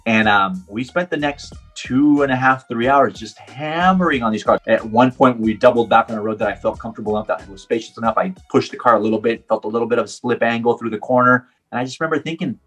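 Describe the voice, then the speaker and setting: Fast-talking husky middle-aged man. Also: mid-range voice, soft background music. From Puerto Rico. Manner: animated storyteller, acts out quoted dialogue. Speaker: professional driver. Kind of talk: storytelling interview.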